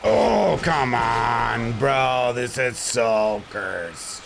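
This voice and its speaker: A man streaming a game speedrun, commenting live, swearing and exasperated, often yelling at enemies. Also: mid-range voice, lively intonation, extremely slow, vocal fry, hardly any pauses, slight background noise.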